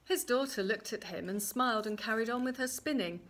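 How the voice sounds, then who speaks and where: A woman storyteller reading a traditional fairy tale aloud in a gently expressive way. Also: fairly high pitch, brisk.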